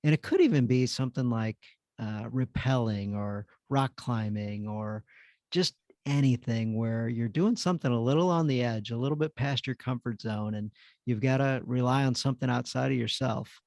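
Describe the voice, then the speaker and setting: A man hosting a podcast, chatting in a relaxed, conversational and affirming way. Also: medium pitch, normal speed, dry recording, studio quality. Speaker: podcast host. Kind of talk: casual chat.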